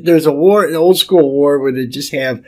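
A man's voice: fairly high pitch, moderate pace. Rambling man hosting a talk show. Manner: rambling, repeats words when starting sentences. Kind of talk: casual political talk show.

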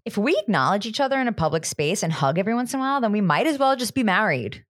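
A woman's voice: medium pitch, sing-song, very fast, noisy background. A woman co-hosting a casual podcast, recapping a TV show with jokey, sarcastic asides and casual swearing. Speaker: podcast co-host.

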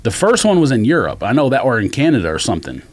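A man's voice: medium pitch, quick pace, no room sound. Easygoing man hedging his sneaker takes. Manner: relaxed, hedging with "like" and "or whatever". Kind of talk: casual chat.

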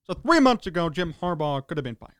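A man's voice: on the high side, sing-song, fairly quick, no room sound. A man hosting a sports talk radio show, ranting in a sarcastic, exasperated way in short punchy fragments.

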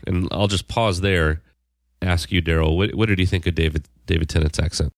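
A man's voice: low-pitched, fairly even intonation, fairly quick, no echo, studio quality. A man co-hosting a podcast, chatting casually about a TV show, rambling with frequent restarts. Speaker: podcast co-host. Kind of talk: casual TV discussion.

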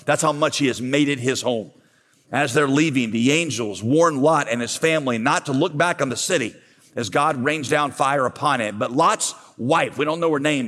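A man's voice: on the high side, a bit bright. A man preaching a sermon, retelling a scripture story and posing rhetorical questions to his listeners. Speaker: pastor. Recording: long hall reverb.

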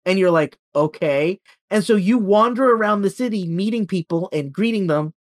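Man co-hosting a chat show, animated storyteller. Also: sits high, brisk. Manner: animated storytelling with acted-out quotes. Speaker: podcast co-host. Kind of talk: casual chat.

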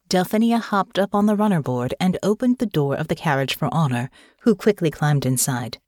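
Woman narrator, lowish voice, lively intonation, dry close sound, audiobook. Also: fairly quick, few pauses, no echo. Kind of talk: scripted narration.

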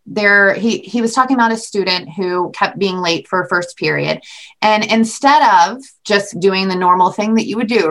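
A woman's voice: medium pitch, fairly bright tone. A woman co-hosting a podcast, telling stories in a gushing, enthusiastic way with lots of "like". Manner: gushing, enthusiastic storytelling with frequent "like". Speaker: podcast co-host. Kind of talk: casual podcast chat.

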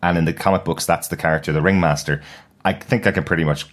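A man co-hosting a podcast, calmly explaining background details. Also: deep voice, quick pace. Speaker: podcast co-host. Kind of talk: casual chat.

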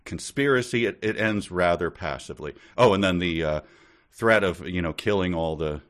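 A man's voice: sits low, normal speed, fairly bright tone. A man co-hosting a podcast, joking through a book reading and laughing often. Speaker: podcast co-host. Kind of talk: casual comic chat and reading.

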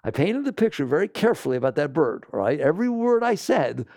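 A man with a gravelly voice gives a spiritual talk to an audience. He is animated, laughs often and acts out imagined voices. The sound is dry and close, with no room echo. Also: on the high side, quick pace. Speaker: spiritual teacher.

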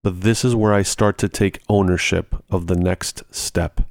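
Low-voiced man teaching in a lively way. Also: measured pace, dry recording, studio quality. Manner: talks through everyday examples step by step; lively, repeating short phrases for emphasis. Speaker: ministry podcast host. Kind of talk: conversational teaching.

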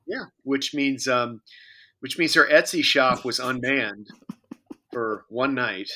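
A man's voice: mid-range voice, slow, sharp tone. A man co-hosting a podcast in casual chat, joking and rambling with many fillers and restarts. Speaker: podcast co-host.

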